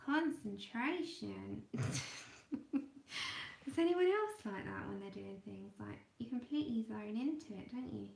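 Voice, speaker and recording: A woman hosting an art livestream, chatting casually and thinking aloud as she draws, sometimes trailing off into quiet murmurs. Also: a little high, expressive, measured pace, creaky, roomy sound. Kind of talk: casual livestream chat while drawing.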